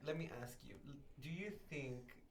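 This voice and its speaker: A man's voice: on the high side, moderate pace, slight background noise. A teenage male student hosting a casual school podcast, teasing and laughing often. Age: teens. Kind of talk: casual chat.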